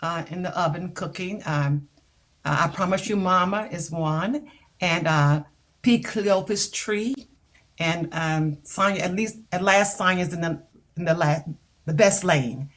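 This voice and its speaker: A woman's voice: fairly low pitch, measured pace. An older woman from the United States, a singer and author, chatting as an interview guest, telling stories with laughs and hesitant fillers. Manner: animated storyteller, laughs often, hesitant fillers. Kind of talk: casual interview chat.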